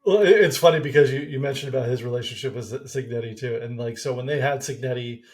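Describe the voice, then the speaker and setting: Male co-host, average pitch, casual chat, hesitant restarts. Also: fast talker. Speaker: podcast co-host.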